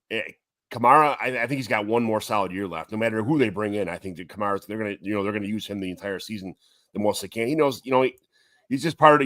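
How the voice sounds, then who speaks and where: A man's voice: fairly low pitch, a bit bright, dry recording, studio quality. A man co-hosting a casual sports podcast, rambling with stumbling restarts and the odd swear word. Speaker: podcast co-host. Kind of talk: casual chat.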